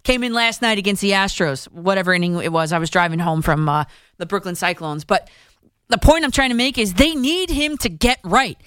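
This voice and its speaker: A woman hosting a call-in sports radio show, giving quick, emphatic opinions with frequent restarts. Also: mid-range voice, a bit bright, clean tone, no echo, clean studio sound. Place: radio studio.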